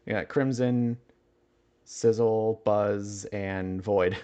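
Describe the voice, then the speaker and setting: Low-voiced man chatting on a livestream. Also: steady tone, extremely slow, mellow, smooth. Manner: musing aloud, chuckling often. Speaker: livestreamer reading chat. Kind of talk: casual livestream chat.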